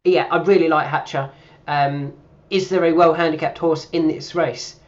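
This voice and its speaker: Guy going over his race picks, kinda high voice, lots of um and uh, muffled low-fi audio. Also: steady tone, moderate pace. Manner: chatty, thinking aloud with many fillers. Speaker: horse racing tipster. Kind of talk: casual racing analysis.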